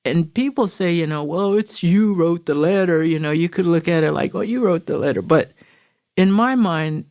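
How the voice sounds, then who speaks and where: A woman's voice: on the low side, moderate pace, darkish tone. A middle-aged woman from Florida, a podcast guest, giving an earnest, emotional personal recovery testimony and acting out the quotes she retells. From Florida, USA.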